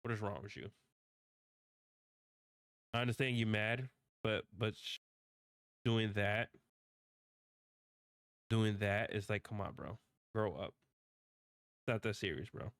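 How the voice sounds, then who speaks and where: A man's voice: fairly low pitch, measured pace, pauses often, fairly bright tone, clear, resonant tone, no room sound, studio quality. A male streamer talking casually in a rambling rant, repeating himself, swearing often and restarting his sentences.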